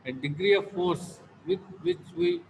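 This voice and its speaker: A male teacher with an Indian English accent giving an online class lecture, halting, repeating each sentence and filling pauses with "uh". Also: high-pitched, gravelly. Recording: echoey room with steady background noise.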